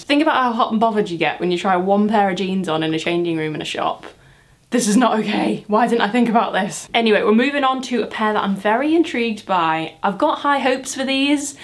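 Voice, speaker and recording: Young woman, casual vlog, self-mocking, exclaiming, a bit breathless, roomy echo. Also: medium pitch. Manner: chatty, self-mocking, exclaims and groans while struggling into clothes. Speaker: vlogger.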